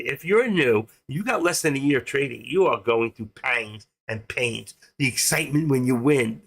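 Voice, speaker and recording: An older man hosting a live trading stream, talking in an excitable, rambling casual way. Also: fairly high pitch, gravelly.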